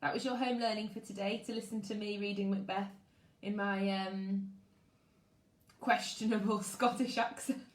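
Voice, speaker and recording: Lively woman teacher in an echoey room. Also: mid-range voice, moderate pace. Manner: lively, greets pupils, reads out comments. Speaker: primary school teacher. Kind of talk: live-streamed class chat and read-aloud. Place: at home, living room.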